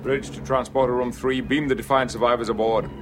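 An actor performs a steady, authoritative male starship captain from a film, his orders measured and firm. His voice sits in a middle register. Orchestral music plays loudly beneath it. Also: medium pitch, natural voice. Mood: commanding. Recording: film soundtrack with score music.

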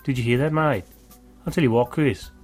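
A man's voice: mid-range voice, a little fast, darkish tone, soft background music, voice pushed up, lightly acted. A man voicing a brash, sarcastic male security chief. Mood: mocking. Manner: sarcastic, teasing.

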